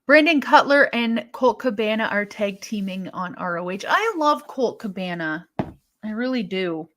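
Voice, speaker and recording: Animated and unhurried, this woman speaks at a medium pitch with a fairly bright tone. As a wrestling live stream co-host, she reacts to viewer comments in casual, think-aloud chatter broken by sighs and restarts.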